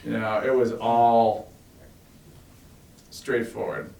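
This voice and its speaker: Middle-aged male ex-executive, gravelly, animated anecdotes, recorded far off in an echoey room. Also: medium pitch, takes it slowly. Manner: animated, laughs while recounting anecdotes. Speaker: former tech executive sharing stories. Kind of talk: relaxed storytelling in a Q&A. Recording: roomy and from far off with faint noise.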